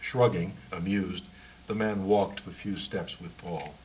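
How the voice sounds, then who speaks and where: Low-voiced man reading his book. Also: fairly even intonation, slow, darkish tone, slight background noise, low-quality recording.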